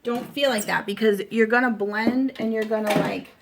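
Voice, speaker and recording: Her fairly high voice has vocal fry and fairly even intonation, moving at a moderate pace over background noise. This Boston-accented woman in her thirties hosts a casual home makeup tutorial, talking viewers through it in a chatty, reassuring way with many fillers.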